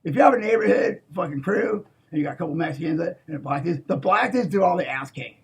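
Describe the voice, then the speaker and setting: Very raspy, gravelly man ranting. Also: animated, fast talker. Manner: profane, repeats "okay?", restarts a lot; swings between loud outbursts and low mutters. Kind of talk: rambling monologue.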